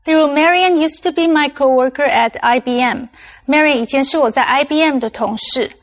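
A woman teaching English vocabulary, giving clear, steady explanations with example sentences. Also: high-pitched, a little fast. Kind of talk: scripted vocabulary lesson.

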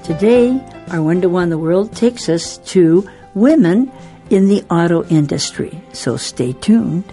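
A woman's voice: lowish voice, lively intonation, unhurried, dark tone, faint music behind. A woman hosting a radio panel show, chatty and friendly, hesitating now and then. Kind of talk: relaxed radio panel chat.

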